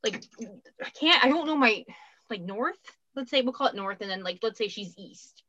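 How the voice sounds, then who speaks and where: Rambling, self-deprecating woman co-host, a touch high, on a muffled mic. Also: animated, normal speed, bright, forceful tone, no room sound. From Canada. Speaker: podcast co-host. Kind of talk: casual chat. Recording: muffled dry home recording.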